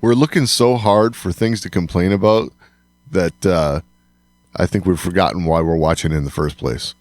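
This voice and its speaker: A man's voice: low voice, moderate pace, darkish tone, dry recording. A man co-hosting a podcast in casual chat, agreeable and laughing often. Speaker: podcast co-host.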